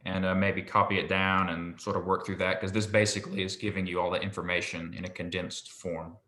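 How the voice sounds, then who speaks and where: A man's voice: low voice, flat delivery, fairly quick, sharp tone, echoey room. A man giving a casual one-on-one lesson, patient and a little hesitant, with frequent ums. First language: English. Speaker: Hebrew tutor.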